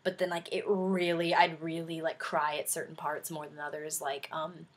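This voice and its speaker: A woman's voice: low-pitched, level tone, normal speed. A young adult woman chatting in a casual video review, effusive and rambling with many fillers. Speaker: vlogger.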